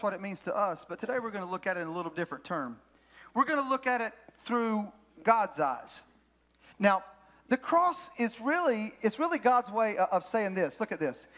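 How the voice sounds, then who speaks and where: A man's voice: high-pitched, a bit bright. A man, a pastor, preaching a sermon in church, telling a story with energy and repeating his key phrases for emphasis. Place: church sanctuary.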